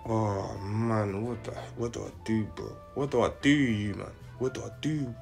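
A young man, giving slang-heavy, excitable commentary straight to his viewers. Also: fairly low pitch, normal speed, creaky, over music. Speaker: gaming channel host. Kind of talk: casual live commentary.

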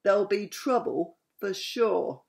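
A gruff, impatient dwarf, played by a woman reading a children's story growls his words slowly. He is grumpy and stern, and his voice rises and falls with a lively swing. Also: mid-range voice. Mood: threatening.

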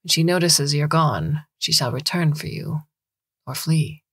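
A woman's voice: sits low, animated, a little slow, slightly rough, no room sound, studio quality, full character voice. A woman playing a grown male poet, talking in a wry, stubborn way. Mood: dry.

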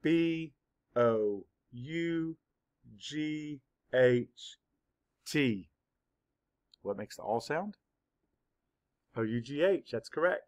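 A man teaching a spelling lesson to young children, dictating words slowly and clearly, sound by sound. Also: a little high, animated, darkish tone. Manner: slow, clear word-by-word dictation.

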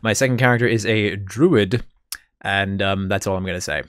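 A man's voice: on the low side, moderate pace, a bit bright, clear, resonant tone, no echo, studio quality. An Australian man hosting a tabletop game podcast after-show in casual, rambling chat. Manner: rambling, chatty.

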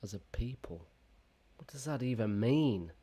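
A man's voice: mid-range voice, animated, unhurried, dark tone, husky. A man giving sarcastic, profane running commentary as he reacts to video clips.

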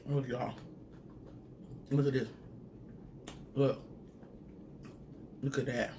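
A man's voice: medium pitch, fairly even intonation, drawn-out words, warm tone, slight background noise. A man in a casual food-review vlog who chats straight to his viewers and hums and murmurs while he eats. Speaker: mukbang vlogger reviewing a sauce.

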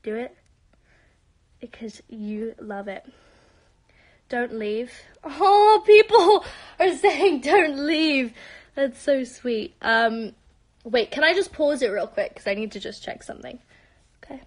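Holding her phone at arm's length, a live-stream host answers fans in a casual Q&A, bubbly and chatty, frequently dropping to a whisper for asides. She's a young woman with a British accent, born in Spain and raised in London. Her fairly bright voice sits on the high side and moves a little slowly, with long pauses.

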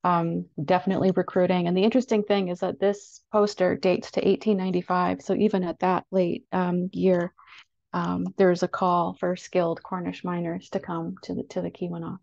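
Woman, park historian, seminar talk; low monotone with vocal fry, hesitant, dull call audio. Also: normal speed, no echo. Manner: hesitant, many ums and restarts. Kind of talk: slide-based seminar talk.

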